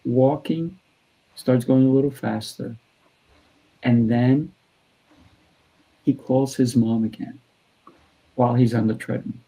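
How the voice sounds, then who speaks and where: A male trainer and show host tells a story in a relaxed podcast chat. His voice is gravelly and husky, with a mellow, dark tone. He acts out each side of the dialogue as he goes. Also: medium pitch, takes it slowly, pauses often, poor audio. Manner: acts out both sides of dialogue in anecdotes.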